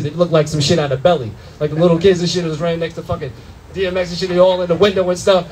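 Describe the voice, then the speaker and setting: A young adult man doing a loud, animated stand-up comedy set in a comedy club, full of profanity and acted-out voices. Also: fairly high pitch, quick pace, slight background noise, poor audio.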